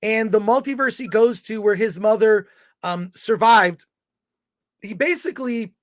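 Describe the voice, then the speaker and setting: A man's voice: high-pitched, a little slow, no echo, clean studio sound. A man co-hosting a casual film review chat, opinionated and blunt, rambling through his thoughts.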